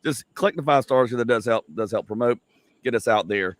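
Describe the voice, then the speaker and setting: Speaking fairly quickly in a mid-range voice, a middle-aged podcast host chats from home. The talk is loose and meandering, full of filler words and jokes.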